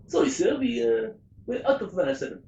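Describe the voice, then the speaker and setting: A man voicing an insistent foreign barman in a ski resort, speaking broken English in a higher put-on voice. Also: sing-song, quick pace, creaky, warm tone, muffled recording, full character voice. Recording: echoey room.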